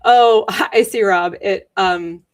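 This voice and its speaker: Woman doing a chill livestream, unhurried, lots of ums and little giggles, saying hi to chat. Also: medium pitch. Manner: chatty, greets viewers, giggles often, many ums. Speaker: livestream host.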